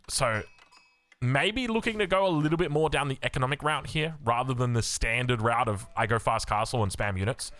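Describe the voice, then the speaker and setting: An Australian man giving excitable, chatty live commentary on a strategy game as caster, with joking asides. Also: fairly high pitch. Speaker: esports caster.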